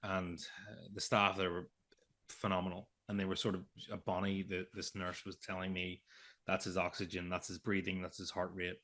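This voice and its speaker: Podcast co-host, male, lowish voice, emotional first-person storytelling with quoted dialogue. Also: little pitch movement, moderate pace, a bit bright. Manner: emotional retelling with quoted dialogue, hesitant restarts.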